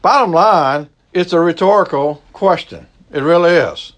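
Pastor preaching folksy and loose. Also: male voice, fairly high pitch, normal speed. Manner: folksy, conversational preaching with Southern turns of phrase. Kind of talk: sermon.

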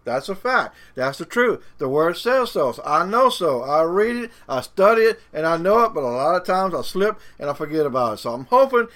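A man with a Cajun accent delivers a sermon in a somewhat high voice. He preaches earnestly, stretching key phrases slowly and building toward fervent emphasis. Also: very animated, a bit bright.

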